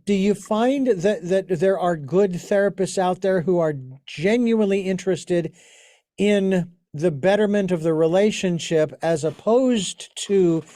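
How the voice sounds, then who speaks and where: A man's voice: high voice, a little slow, warm tone, no echo, clean studio sound. A man hosting an interview, telling long anecdotes in casual chat with many restarts and fillers. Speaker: podcast host.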